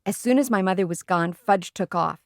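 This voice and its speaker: Steady woman reading a storybook. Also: mid-range voice, fairly quick, no echo, studio quality. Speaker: audiobook reader. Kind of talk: children's book read-aloud.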